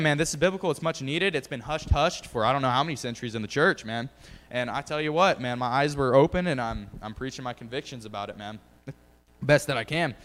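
A man's voice: mid-range voice, fairly bright tone, big-room sound. A man giving a casual, rambling testimony about faith and preaching, full of fillers and restarts. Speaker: lay preacher.

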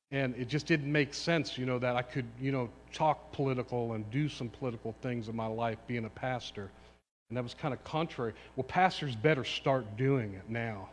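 A middle-aged man, a pastor, telling a personal story in a sermon, moving between quiet asides and loud exhortation. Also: medium pitch. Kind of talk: sermon testimony. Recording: long hall reverb, faint hum.

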